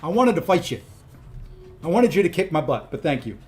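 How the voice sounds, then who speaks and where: Man, game streamer, casual livestream chat, slightly high voice, um-filled, faint music behind. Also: sing-song, fairly quick. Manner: chatty, frequent ums and restarts.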